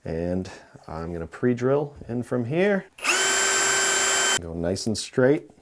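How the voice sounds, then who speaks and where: A man hosting a casual how-to, talking relaxed while he works with tools and now and then dropping into mutters. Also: on the low side, slow. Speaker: DIY home renovation host. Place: indoor pantry under renovation.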